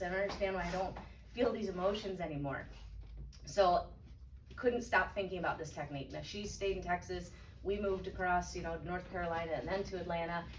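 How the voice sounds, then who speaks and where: A woman's voice: fairly low pitch, a little hiss or hum. A woman in her thirties speaking as a guest at an evening event, telling a candid personal story with frequent restarts. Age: 30s. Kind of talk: personal testimony talk. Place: event room. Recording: echoey room, voice from far off, faint ambience.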